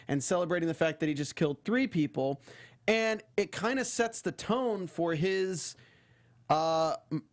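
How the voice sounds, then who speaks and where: A man co-hosting a casual TV recap chat, wry and blunt, now and then acting out lines from the show. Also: sits high. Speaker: co-host.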